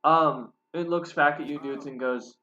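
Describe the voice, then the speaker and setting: A man's voice: fairly high pitch, fairly even intonation, moderate pace, noisy background. A man narrating a tabletop game as game master, rambling with many fillers, in a roomy, slightly dull recording.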